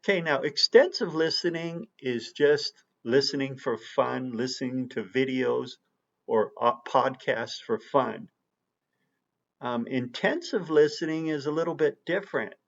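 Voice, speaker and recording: A man teaching an English listening lesson, speaking slowly and deliberately and leaning hard on key words. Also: medium pitch, gravelly, lo-fi sound. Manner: slow and deliberate, with emphatic stress on key words. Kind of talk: online language lesson.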